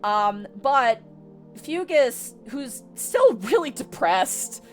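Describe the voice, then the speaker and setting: A young woman with a somewhat high voice rattles through a story recap for her stream chat, excitable and quick, swearing and laughing as she goes. Faint music plays underneath her. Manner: excitable, rapid, swears freely, laughs mid-sentence. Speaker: VTuber streamer. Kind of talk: casual retelling of a novel to a stream chat.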